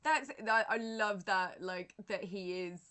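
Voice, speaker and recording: A woman's voice: mid-range voice, slow pace, sharp tone, clean tone. A woman hosting an interview, chatty and encouraging, with many fillers as she asks questions. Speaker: host.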